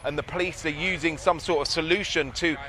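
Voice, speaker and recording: A man gives a live news report outdoors beside a city road. His voice is fairly high and bright, and faint street noise hangs in the background. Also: steady tone. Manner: brisk, hesitant with fillers. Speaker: field reporter.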